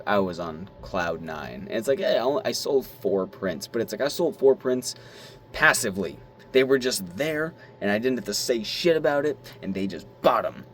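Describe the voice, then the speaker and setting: A young man vlogging at his desk, telling a story in a rambling, animated way, swearing now and then and squealing when he acts out his excitement. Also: lowish voice, a little hiss or hum. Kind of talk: casual talk to camera.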